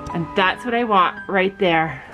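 A woman's voice: a little high, normal speed, loud music behind the voice, low-quality recording. A woman and mother of a family, chatting casually to her viewers into a handheld camera. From Canada. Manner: chatty, addresses viewers directly. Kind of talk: casual vlog talking to camera.

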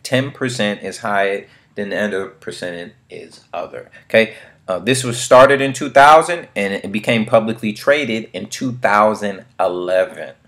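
A man's voice: lowish voice, unhurried, fairly bright tone. A man from the Bay Area talking through a screen share of a real estate company, full of street slang and motivational asides. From San Francisco Bay Area. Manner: hype, preachy motivational asides. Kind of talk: casual screen-share commentary.

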